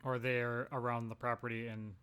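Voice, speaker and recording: A man plays a tabletop game, talking casually and dropping dry, wry remarks. His voice sits at an ordinary, middle pitch. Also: level tone, moderate pace, bright, forceful tone, smooth. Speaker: player.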